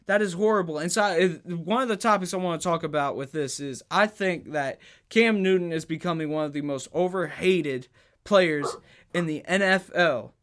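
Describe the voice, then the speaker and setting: Guy with a high voice on a sports podcast, all worked up, stumbling over his words. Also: moderate pace, fairly bright tone. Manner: stammers and restarts, emphatic rhetorical questions. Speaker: podcast host. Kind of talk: heated sports talk.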